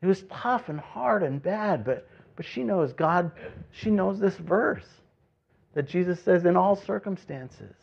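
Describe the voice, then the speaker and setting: A man preaching to his congregation in a casual, storytelling way. He pushes key points out loudly, then drops to near-private quiet asides. The recording sounds a little dull and muffled. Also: high-pitched, lively intonation, a little slow, gravelly, breathy edge. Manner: conversational preaching with sudden loud emphasis and quiet asides. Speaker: pastor. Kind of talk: sermon.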